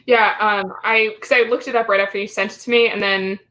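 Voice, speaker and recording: Halting young woman chatting. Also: mid-range voice, fairly even intonation, pushed and bright. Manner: halting, searching for words. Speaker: guest, college friend. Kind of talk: casual chat.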